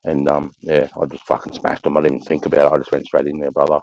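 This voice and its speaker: Deep gravelly man telling crude stories. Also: monotone, fast talker, darkish tone, highs cut off. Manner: crude, swearing, rambling anecdotes with frequent laughter. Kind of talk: casual storytelling chat.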